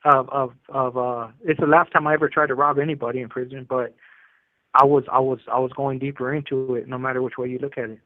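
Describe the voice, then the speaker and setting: A man's voice: mid-range voice, flat delivery, fast talker, no echo. A man telling his prison story in casual street slang over the phone, rambling with fillers. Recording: tinny prison phone line.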